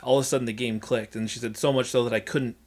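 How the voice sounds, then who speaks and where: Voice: medium pitch, steady tone, quick pace, a little mellow. Laughing co-host in casual chat. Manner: laughs often, reads aloud from a review. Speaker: podcast co-host.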